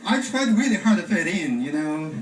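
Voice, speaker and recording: A man from China with a Chinese accent, doing a stand-up comedy set in a deadpan way with frequent "uh" pauses. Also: on the high side. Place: comedy stage before a live audience. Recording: echoey stage from far off with loud room noise.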